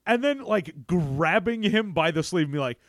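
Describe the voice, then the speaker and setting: Animated man acting out movie quotes. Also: high voice, moderate pace, no echo, clean studio sound. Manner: animated, acts out quotes in funny voices. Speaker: podcast co-host. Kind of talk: casual movie recap chat.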